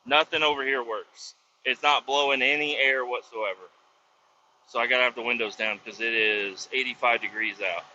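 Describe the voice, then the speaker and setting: Guy ranting in his truck, really bright sharp voice, kinda dull lo-fi sound w/ faint road noise. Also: medium pitch, moderate pace. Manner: profane, animated, acts out voices in retelling. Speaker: vlogger and truck driver. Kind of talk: casual storytelling. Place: inside a pickup truck with windows down.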